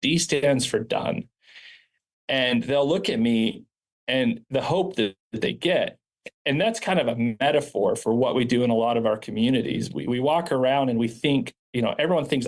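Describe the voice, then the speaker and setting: A man's voice: medium pitch, normal speed. A man, a charter school founder and principal, telling stories from his school in an earnest, reflective way with frequent restarts. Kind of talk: podcast interview storytelling.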